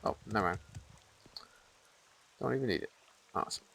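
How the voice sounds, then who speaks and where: Gravelly-voiced man streaming a game. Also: fairly low pitch, lively intonation, normal speed, a bit bright, slight background noise, rough recording. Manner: playful, muttering reactions to the game. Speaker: streamer playing a video game. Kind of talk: casual live gameplay commentary.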